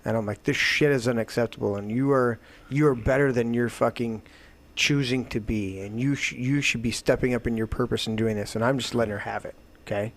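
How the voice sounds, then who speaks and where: Man, mid-pitched, profane heated rant, emphatic, gets loud. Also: fairly even intonation, brisk. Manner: profane, emphatic, swings to shouting. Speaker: show host.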